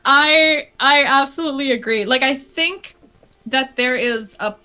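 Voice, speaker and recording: A woman with a Canadian accent, chatting casually and lively as a guest on a live stream. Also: sits high, unhurried, noisy background. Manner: lively, chatty, laughs often. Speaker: guest player.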